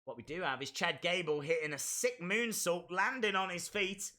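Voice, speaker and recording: A man hosting a live stream, reacting to a wrestling show in excitable, chatty, self-mocking commentary. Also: high voice, moderate pace.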